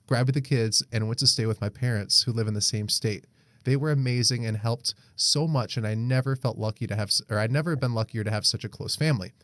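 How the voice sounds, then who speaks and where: A man's voice: mid-range voice, a bit bright, no room sound. A young man, co-hosting a podcast in casual chat, reading a Reddit post aloud, swearing freely and laughing often. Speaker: podcast co-host.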